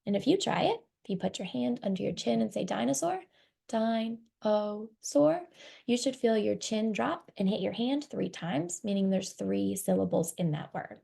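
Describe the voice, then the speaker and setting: A woman's voice: medium pitch, animated, normal speed, creaky, hardly any pauses, warm tone, slightly rough. A woman who directs reading instruction, explaining material slide by slide in a webinar presentation. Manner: explanatory, walks through slides.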